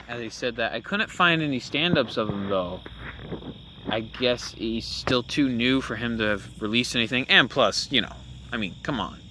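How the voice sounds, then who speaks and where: A man's voice: mid-range voice, expressive, normal speed, sharp tone, a little hiss or hum. A young man hosting a podcast, talking through his opinions in a casual, rambling monologue full of fillers and restarts. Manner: rambling, with many fillers and self-corrections. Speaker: podcast host.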